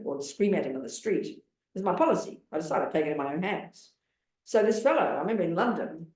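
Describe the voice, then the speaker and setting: In a roomy-sounding hall, a woman in her seventies, a Buddhist nun, delivers a dharma talk. Her voice sits on the low side and is a little mellow, and she speaks bluntly and forcefully, challenging her audience with rhetorical questions.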